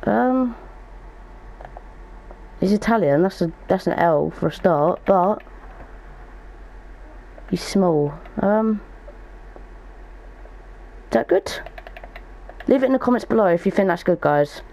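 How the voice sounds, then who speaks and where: A man's voice: sits high, unhurried, long pauses, a little mellow, rough recording. A young man giving casual gaming commentary as a YouTuber, thinking aloud as he goes. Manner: chatty, thinks aloud while opening packs.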